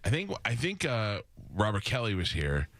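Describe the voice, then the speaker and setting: A radio host in his studio, chatting casually in a relaxed way with quick asides. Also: on the low side, a little hiss or hum.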